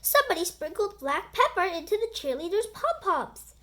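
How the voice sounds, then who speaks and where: A woman voicing excited stadium fans shouting shrilly from the bleachers. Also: moderate pace, exaggerated voice. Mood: outraged. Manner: shrill, loud exclamations.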